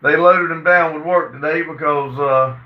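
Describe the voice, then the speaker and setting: Man reading chat aloud on a phone stream. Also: a little high. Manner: reads chat messages aloud and answers them; halting, frequent "uh" fillers. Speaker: livestream host reading viewer comments. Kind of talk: casual chat. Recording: roomy, distant and dull phone audio.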